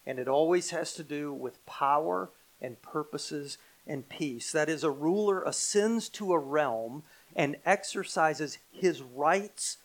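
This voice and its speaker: A middle-aged American man preaching a sermon, emphatic, slowing and swelling on key phrases. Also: fairly high pitch, low-quality recording. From United States. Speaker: pastor.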